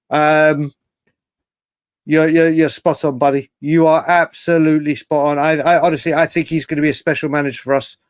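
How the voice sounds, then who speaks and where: Recorded with no echo, a man with a slightly high voice hosts a live fan show, chatting over viewer comments. He's animated, swears occasionally, and tends to say things again and again.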